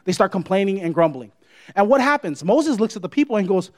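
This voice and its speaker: A man with a notably high voice preaches a sermon. He talks emphatically, hammering points through repetition and constantly checking in with his listeners. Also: sing-song, brisk. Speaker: pastor.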